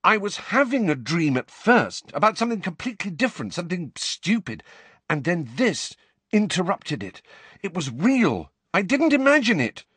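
A man's voice: high-pitched, sing-song, normal speed, fairly bright tone, slightly rough, no echo, voice pushed up, heavily acted. A man voicing a frantic teenage boy wizard in pain, panting and urgent as he insists on what he saw. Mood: furious insistence.

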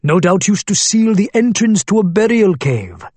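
An old, shrewd antiques dealer with a thick Arabic accent, put on by a male storybook narrator. He is hearty and sly, and his husky voice sits higher and louder than the narration. The recording is dry and close. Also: sing-song, normal speed, dry recording. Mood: jovial, bargaining.

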